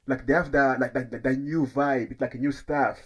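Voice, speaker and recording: A man's voice: mid-range voice, steady tone, moderate pace, breathy edge. A man from Africa with an African accent, a stand-up comedian chatting casually and laid-back, often repeating himself. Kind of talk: casual podcast chat.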